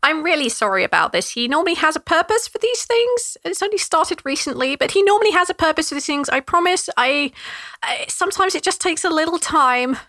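Woman doing a flustered little gnome guy, stammery and sorry, bright voice. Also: very high voice, big pitch swings, fairly quick, dry recording, studio quality, pitched above the performer's own voice, exaggerated voice. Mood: apologetic. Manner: nervous, apologetic, stammering. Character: flustered apologetic male gnome caretaker.

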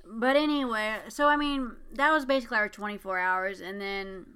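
A woman's voice: a little high, normal speed, sharp tone, smooth. A young woman co-hosting a casual podcast, retelling events with lots of "like" and quoted voices. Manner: rambling, filler-heavy retelling with quoted voices. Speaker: podcast co-host. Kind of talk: casual chat.

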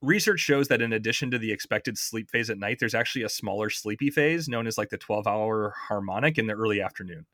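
A man's voice: on the low side, fast, hardly any pauses, fairly bright tone, no room sound, clean studio sound. A man hosting a podcast, explaining science in a chatty way, quizzing his co-host and often restarting his sentences.

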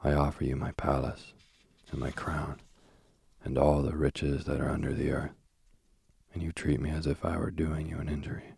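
A man's voice: rumbling low, flat delivery, normal speed, vocal fry, darkish tone, slightly rough, no echo, clean studio sound, exaggerated voice. A man reading the part of a boastful, coaxing male king of the underworld in a storybook. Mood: sullen.

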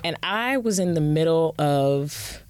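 A woman with a somewhat low voice telling a personal story in a relaxed, heartfelt way. She laughs easily and often. The sound is dry and close. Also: slow pace, clean tone, no room sound. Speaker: guest. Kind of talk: casual chat.

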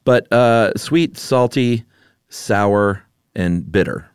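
A man co-hosting a podcast in casual chat, laid-back and quick to laugh. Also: fairly low pitch, smooth, no echo, clean studio sound. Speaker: podcast co-host.

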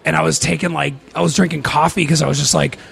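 A man's voice: fairly high pitch, flat delivery, fast, creaky, fairly bright tone, breathy edge. A man telling a long personal story in casual podcast talk, rambling and swearing, with many fillers.

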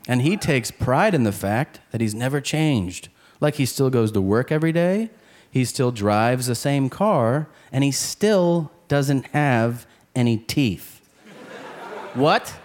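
A man doing a stand-up comedy set on stage, acting out the voices of the people in his jokes. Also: medium pitch. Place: comedy club stage before a live audience. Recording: live club recording with crowd noise. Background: audience laughter and crowd noise.

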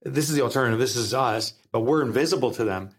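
A man with a New Jersey accent talks fast in a husky, mid-range voice. He's a guest author on a podcast interview, speaking emphatically in an animated, motivational way.

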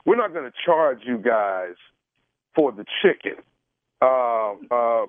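A man's voice: medium pitch, expressive, slow pace, no echo. A man making a prank phone call as a radio host, talking in a hesitant, rambling, apologetic way. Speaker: radio prank caller posing as caterer. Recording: tinny dry phone line.

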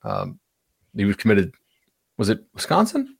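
A man's voice: on the low side, wildly swooping pitch, unhurried, gravelly, husky, no room sound. A man co-hosting a sports podcast, talking in a loose, rambling way with restarts. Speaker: podcast co-host. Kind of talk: casual sports chat.

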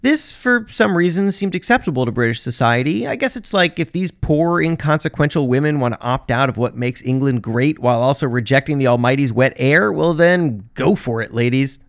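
A man's voice: medium pitch, expressive, fairly quick, few pauses, dry recording, clean studio sound. A man hosting a podcast, narrating from a script with wry, sarcastic asides. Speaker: podcast host.

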